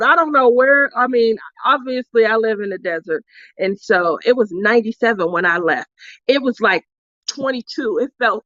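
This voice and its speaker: Giggly high-voiced woman, dull dry audio. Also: dry recording. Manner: giggly, laughs often between sentences. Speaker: crafting vlogger giving awards. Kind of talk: casual storytelling.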